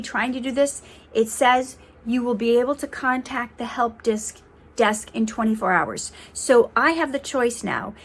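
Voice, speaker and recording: A young woman speaking earnestly and encouragingly in a casual, faith-based motivational vlog, often restarting her sentences. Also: fairly high pitch. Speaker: motivational vlogger.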